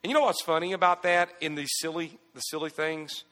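A man preaching a sermon as pastor, building to shouted emphasis with folksy asides. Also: a little high, steady tone, brisk, long reverb tail.

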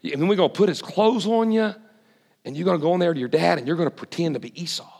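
A man's voice: on the high side, vocal fry, darkish tone, big-room sound, voice pushed up. A man voicing a plotting, bossy mother. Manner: brisk, instructing.

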